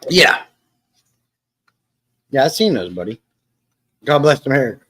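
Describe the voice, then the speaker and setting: Guy rambling on his home livestream, joking around with chat, normal middle-pitched voice. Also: very animated, measured pace, a bit bright, slightly rough, poor audio. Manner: rambling and jokey, answering chat and people at home. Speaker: live-stream host. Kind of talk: casual live-stream chat.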